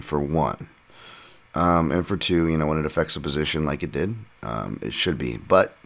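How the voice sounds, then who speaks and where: Hosting a podcast alone, a podcast host and fight analyst rambles through a casual breakdown, tossing in self-deprecating asides. His voice is extremely low and gravelly, with a slightly bright edge.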